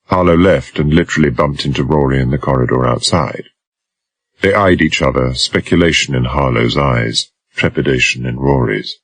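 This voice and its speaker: Male audiobook narrator, very deep voice, husky, dry close sound. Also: normal speed, a bit bright, no room sound. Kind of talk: scripted narration of a thriller.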